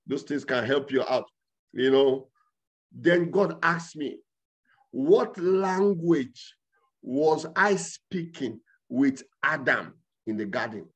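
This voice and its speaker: A man preaching as a pastor, excitable, breaking into loud tongues and laughter. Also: medium pitch, takes it slowly, husky, dull audio. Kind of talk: sermon with speaking in tongues.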